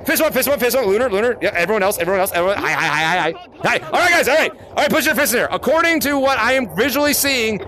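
A man creating YouTube content, chatting excitedly with fans inside a virtual reality game, talking into a headset mic in a shouty, giggly way and repeating words in quick bursts. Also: very high-pitched. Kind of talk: excited live gameplay chat with fans.

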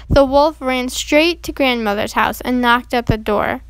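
High-voiced woman reading a children's story. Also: a little slow, few pauses, smooth, dry recording.

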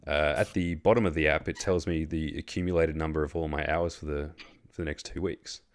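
Australian male host, very low voice, rambling casual storyteller who swears. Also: steady tone, a little fast. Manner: rambling, many fillers and restarts, swears freely.

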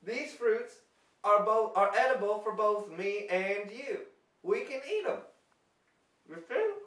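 A man's voice: high-pitched, expressive, slow, a bit bright, voice pushed up, full character voice. A young man playing a cheerful, homespun male mushroom scientist with a folksy drawl in an amateur comedy skit. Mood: folksy chipper. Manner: folksy drawl, dropped g's, corny jokes. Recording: roomy echo from a distance.

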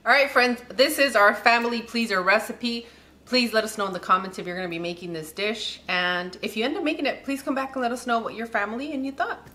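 A woman's voice: fairly high pitch, quick pace, pushed and bright. A woman hosting a casual cooking demonstration in a home kitchen, chatting directly to her viewers. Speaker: cooking vlog host.

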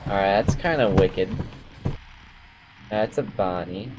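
A man giving goofy, excitable commentary while playing a horror video game, yelping at the scares. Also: low voice, takes it slowly, noisy background. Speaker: let's play gamer. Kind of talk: casual gaming commentary.

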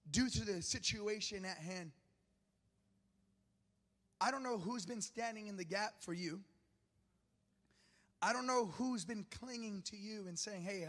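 A man preaching a sermon as pastor, telling personal stories with humor and joking with the congregation. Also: sits high. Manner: lively, humorous storyteller who jokes with the congregation. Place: large church auditorium. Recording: long reverb of a large church hall.

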